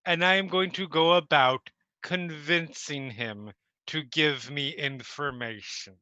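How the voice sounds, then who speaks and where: A man's voice: on the high side, slow pace, bright, forceful tone, no room sound, muffled recording. A man playing a tabletop game, explaining his rolls and actions in a casual way. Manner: menacing in character, then casual about rules. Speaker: player.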